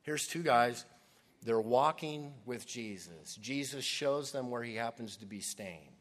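A man's voice: mid-range voice, a little slow. A man preaching a sermon, earnest and conversational, acting out scenes as he retells them. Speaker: pastor.

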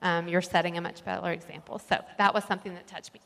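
A woman's voice: on the low side, flat delivery, fast, gravelly, a bit bright. Earnest woman sharing in a reverberant hall. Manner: earnest, rambling with fillers. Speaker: group member sharing a testimony. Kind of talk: heartfelt personal sharing. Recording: long reverb of a large hall.

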